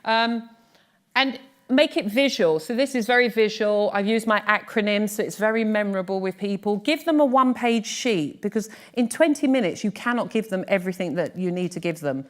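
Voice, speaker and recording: A middle-aged British woman giving a live workshop talk on pitching, chatty and lively, teasing her audience. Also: fairly quick. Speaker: business speaking coach. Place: workshop room before an audience.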